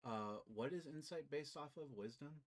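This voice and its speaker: A man narrating as game master in a tabletop game, animated and swearing freely. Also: fairly high pitch, normal speed, poor audio.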